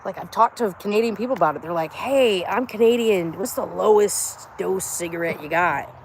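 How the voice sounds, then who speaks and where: A woman's voice: medium pitch, noisy background. Blunt, rambling middle-aged woman vlogger. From United States. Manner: blunt, rambling, swears freely. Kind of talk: casual live-stream chat.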